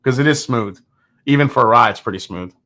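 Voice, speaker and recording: A man's voice: mid-range voice, brisk, pushed and bright. A man hosting a live whiskey-tasting stream, chatting casually and joking as he answers viewer comments. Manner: candid, joking, with frequent restarts and laughs.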